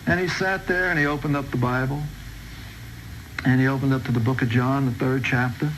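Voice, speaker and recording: A man's voice: medium pitch, steady tone, brisk, fairly bright tone, a little hiss or hum, poor audio. A man with a Brooklyn New York accent telling his life story as a dramatic testimony, acting out tense confrontations. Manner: intense, acts out tense confrontations. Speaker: testimony speaker.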